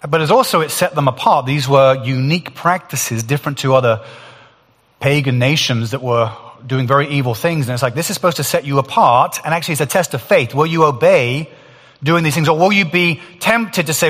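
A man giving a conversational Bible teaching, animated and quick to laugh, acting out the voices he quotes. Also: on the high side. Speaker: preacher. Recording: long hall reverb.

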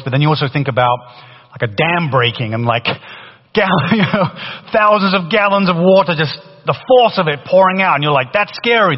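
A man preaching a sermon in a lively, conversational way, with a faded British accent and many restarts. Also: medium pitch. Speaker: pastor. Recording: dull sound in a long-reverb hall.

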